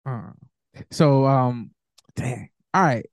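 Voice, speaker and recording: A man's voice: medium pitch, very slow, no room sound. A man co-hosting a podcast in casual chat, easygoing and hesitant, with lots of fillers. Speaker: podcast co-host.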